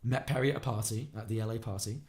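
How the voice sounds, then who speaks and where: Fast-talking man recapping a film. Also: fairly low pitch. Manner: fast, animated retelling of a film plot, acting out lines. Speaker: podcast co-host. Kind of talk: casual film podcast recap.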